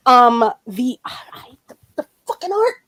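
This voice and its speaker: An excitable woman hosts a casual chat, rambling between thoughts and swearing freely. Her voice sits high, and the recording is dry and close. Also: a little slow, no echo. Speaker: podcast host.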